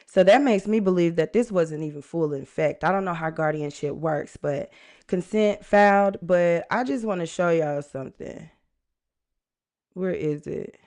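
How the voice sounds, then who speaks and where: A woman's voice: fairly low pitch, normal speed, a little mellow. Chatty woman hosting a live true-crime stream. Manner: chatty, earnest, talks straight to viewers. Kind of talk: casual live-stream commentary.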